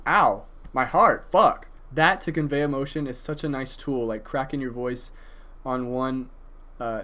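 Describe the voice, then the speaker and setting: A man's voice: medium pitch, fairly bright tone. A man casually reviewing an album, enthusiastic and profane, with frequent hesitations and fillers. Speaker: music reviewer.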